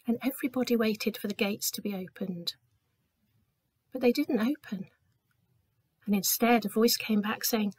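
A woman giving a gentle storytelling talk to children in a church, acting out the voices in her story. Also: mid-range voice, moderate pace, pauses often, dry recording. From England. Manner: gentle, clear storyteller, acts out quoted voices.

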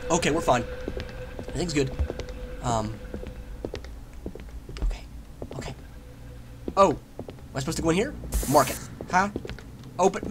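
A man narrating his horror game playthrough in a casual, joking ramble. His voice swings widely up and down and spikes into loud yelps when something scares him. The home recording has a clear hiss of noise behind it. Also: fairly high pitch, expressive, a little slow, pauses often. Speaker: gamer playing a horror game. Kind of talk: let's play commentary.

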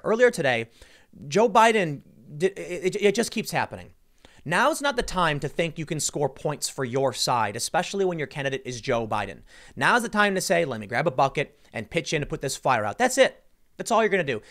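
A man hosting a casual political commentary show, talking in an animated, incredulous way with many restarts. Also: on the high side.

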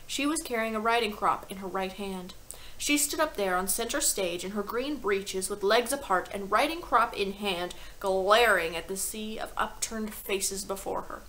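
A woman teacher reading a children's novel aloud to her class in an expressive storytelling manner. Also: mid-range voice, normal speed, slight background noise, rough recording.

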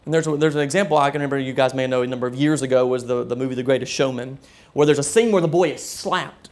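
A man in his thirties preaching a sermon as pastor, earnest, often dropping to a soft near-whisper. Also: medium pitch, fast.

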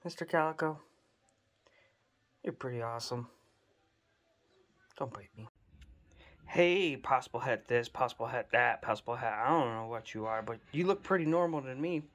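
A man's voice: mid-range voice, moderate pace, pauses often, fairly bright tone. A man chatting casually and fondly to his pet snakes at home while cleaning their tubs, in a playful sing-song. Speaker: snake keeper vlogger.

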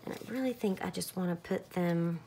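Young woman chatting thru a crafting vid, kinda low voice, lots of ums, faint clicks in the background. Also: moderate pace, gravelly, slight background noise. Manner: chatty, relaxed, lots of fillers. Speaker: craft vlogger. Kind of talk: casual narrated craft tutorial.

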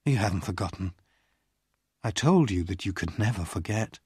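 Teasing woman of about thirty played by a reader, wistful, lively pitch. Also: a little slow, no room sound, clean studio sound.

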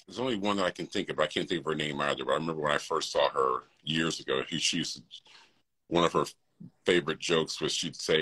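Very deep husky-voiced man host. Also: fast, sharp tone, rough recording. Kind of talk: casual conversation.

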